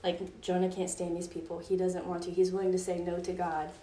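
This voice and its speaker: A woman's voice: fairly low pitch, completely flat delivery, brisk, dark tone, a little hiss or hum. Chatty young woman teaching Bible story. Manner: chatty, filler-heavy storytelling with frequent "like". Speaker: youth Bible study leader. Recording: roomy echo from a distance.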